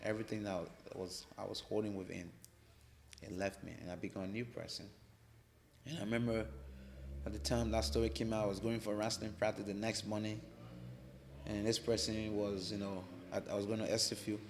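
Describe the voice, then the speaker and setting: A man from Liberia, a podcast guest telling his personal story in a halting way, often repeating words as he restarts. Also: lowish voice, level tone, vocal fry, a little hiss or hum.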